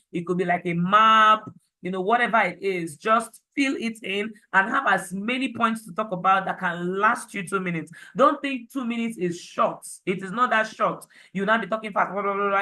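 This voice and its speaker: Brief: Nigerian woman teacher, chatty and upbeat, with a tense, bright edge. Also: mid-range voice, rough recording. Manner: lively, chatty and encouraging, mixing in pidgin. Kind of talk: online class lecture.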